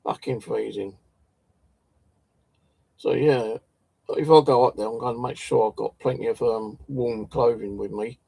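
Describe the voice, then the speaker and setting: A man's voice: mid-range voice, steady tone, measured pace, vocal fry, long pauses, warm tone, husky, no room sound. A man telling a story in a casual, rambling way, swearing often and tripping over his words. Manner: swears a lot, restarts and stumbles. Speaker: channel host.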